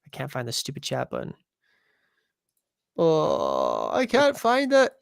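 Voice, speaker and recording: A man's voice: medium pitch, wildly swooping pitch, measured pace, gravelly, clear, resonant tone, no echo, studio quality. A young man hosting a podcast in casual chat, rambling and poking fun at himself. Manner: rambling, self-deprecating. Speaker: podcast host.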